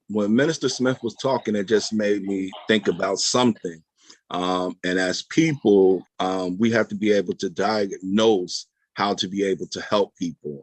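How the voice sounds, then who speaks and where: Low-voiced man explaining a point. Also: dry recording. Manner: explanatory, many ums. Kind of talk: group discussion comment.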